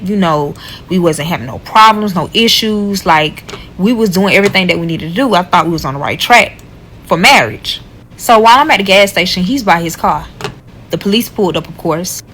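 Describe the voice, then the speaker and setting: A woman telling a casual storytime, blunt and profane, animated as she retells what happened. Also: on the low side, a little hiss or hum, poor audio.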